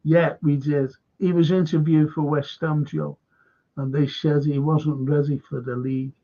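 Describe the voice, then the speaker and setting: A man's voice: a little high, flat delivery, a little slow, dark tone. A middle-aged man hosting a casual live stream, reading viewer comments aloud with a chuckle and the odd swear. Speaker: podcast host reading live chat. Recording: dull lo-fi stream audio.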